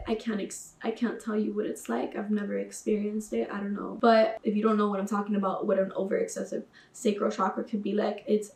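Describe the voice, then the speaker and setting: A woman's voice: medium pitch, vocal fry, a little mellow, reverberant, recorded from a distance. A woman vlogger talking casually about personal growth, chatty and full of slang. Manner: chatty, uses slang like sis and boo-boo. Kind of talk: casual spiritual vlog.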